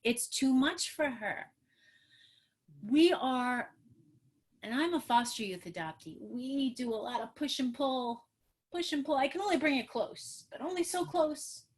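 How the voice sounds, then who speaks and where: A middle-aged woman with a fairly high voice teaches parents over a video call. She is animated and emphatic, and she slips into short acted-out lines of what a parent or child might say. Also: normal speed, slightly rough. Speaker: trauma therapist presenting a webinar. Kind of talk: webinar teaching talk. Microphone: computer mic on a video call.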